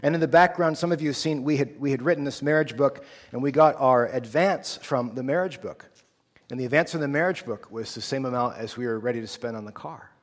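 A man's voice: medium pitch, fairly quick. A man in his thirties from the United States, a theology student telling a personal testimony in an earnest, casual storytelling way. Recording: long hall reverb.

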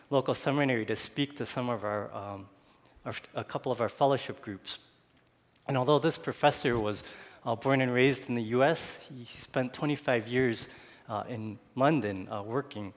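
A man with a Chicago accent preaches a sermon to a congregation, talking in a relaxed, conversational way and often stopping to restart a phrase. His mid-pitched voice rings out with a long hall reverb, as in a large church sanctuary. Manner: conversational, with frequent fillers and restarts. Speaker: guest pastor.

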